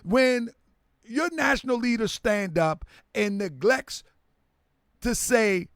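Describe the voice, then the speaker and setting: A man giving a live-streamed lecture with an emphatic, preaching delivery that drops into quiet asides. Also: high-pitched, slow pace, clean tone, dry recording, studio quality.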